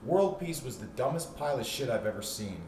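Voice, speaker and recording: A man's voice: mid-range voice, big pitch swings, fairly quick, a little mellow, roomy sound, recorded from a distance, slight background noise, rough recording. A man hosting his own vlog, ranting in a rambling, swearing, fired-up monologue. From South Florida. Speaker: vlog host.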